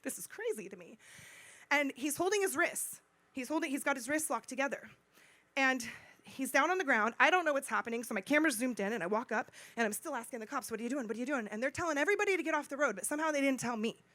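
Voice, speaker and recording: Speaking at a conference, a middle-aged woman animatedly recounts something from her own life, voicing the dialogue and driving points home through repetition. She has a high voice and talks fast, with no echo in the sound.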